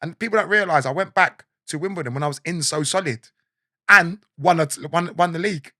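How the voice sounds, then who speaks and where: A man in his forties with a South London accent, telling animated stories from his life in a casual interview and acting out what others said. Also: on the high side, a little fast, no echo, studio quality. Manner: animated storyteller, acts out quotes, laughs often. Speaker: guest.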